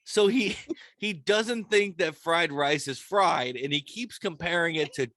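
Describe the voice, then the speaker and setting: A man's voice: fairly high pitch, unhurried, sharp tone, no room sound. A young man hosting a podcast, telling stories in casual chat, laughing often and swearing freely. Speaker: podcast host.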